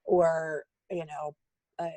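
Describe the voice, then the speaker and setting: A parent with a fairly low woman's voice describes her struggles frankly, sounding worn down. Her voice comes across close and dry. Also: level tone, takes it slowly, dark tone, no room sound. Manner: frank, exasperated storytelling. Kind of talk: casual chat.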